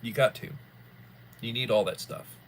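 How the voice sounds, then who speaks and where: A man hosts a livestream, talking in a loose, folksy ramble that circles back and repeats itself. His voice sits at an ordinary middle pitch. A faint hum runs under the recording. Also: normal speed. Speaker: livestream host. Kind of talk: casual chat.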